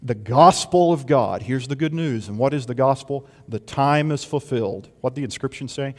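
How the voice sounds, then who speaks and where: A man preaching a sermon, swinging from loud emphasis to hushed intensity and asking rhetorical questions. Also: mid-range voice, moderate pace, few pauses. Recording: long hall reverb.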